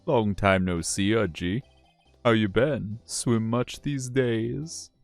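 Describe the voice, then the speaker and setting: A man's voice: lowish voice, steady tone, gravelly, dry recording, soft background music. A man voicing a jolly, overfamiliar older male police chief in a fan dub of a courtroom game. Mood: jovial. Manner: hearty and overfamiliar, drawn-out exclamations.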